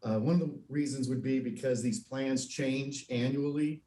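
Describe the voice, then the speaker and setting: Mellow-voiced man, roomy and distant. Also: mid-range voice, moderate pace. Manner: friendly, earnest, with fillers. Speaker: guest insurance expert. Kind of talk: TV interview.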